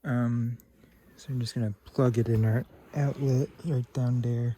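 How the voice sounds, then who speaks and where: Slow, halting man on a noisy recording. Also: medium pitch, fairly even intonation, dark tone. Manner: halting, sentimental, talks to the person filming. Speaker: vintage fan collector. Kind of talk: casual unboxing vlog.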